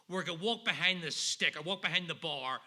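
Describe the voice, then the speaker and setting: A man from Northern Ireland, speaking with that region's accent, tells his recovery story at a meeting. His voice sits on the high side, moves fairly quickly, and has a sharp tone. He's wry and self-deprecating, landing jokes for the audience in a humorous personal recovery talk.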